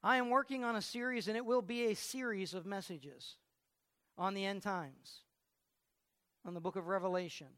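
A woman pastor preaching a sermon in a church, animated and fond of asking the congregation questions, with frequent laughter. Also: medium pitch, normal speed, no echo. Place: church sanctuary.

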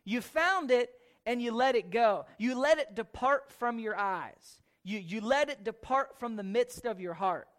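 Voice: medium pitch, expressive, fairly bright tone. Emphatic repetitive preacher. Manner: emphatic, repeats key phrases, asks rhetorical questions; swings between slow stressed phrases and quick asides. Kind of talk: sermon.

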